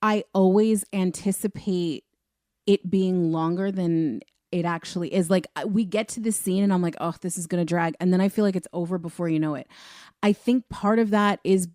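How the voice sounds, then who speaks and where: A woman co-hosting a film review podcast in a chatty, animated way. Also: lowish voice, moderate pace, no room sound, clean studio sound. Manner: chatty, animated, laughs easily. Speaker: podcast co-host. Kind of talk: casual film review chat.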